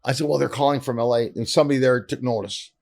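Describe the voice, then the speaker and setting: A middle-aged man from Canada, a comedian guest telling animated stories and acting out dialogue with swearing. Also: mid-range voice, rapid-fire, vocal fry. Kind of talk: casual storytelling interview.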